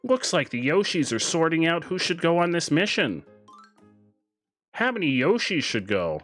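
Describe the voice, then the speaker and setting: Animated man streaming a video game. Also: a little high, moderate pace. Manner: animated, jokey, reads game text aloud. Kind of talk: casual gameplay commentary. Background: faint game music.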